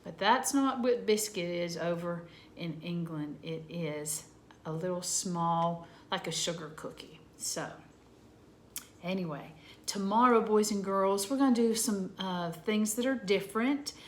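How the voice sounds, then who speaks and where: A woman, gently teaching a lesson to young children from home. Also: fairly low pitch, a little hiss or hum. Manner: gentle, slow, talking to children. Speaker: preschool teacher.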